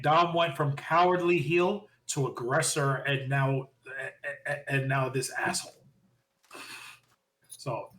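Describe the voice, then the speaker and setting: An excitable man with a fairly high voice co-hosts a podcast, recapping wrestling in casual chat. He tells stories eagerly, laughing often and acting out quotes.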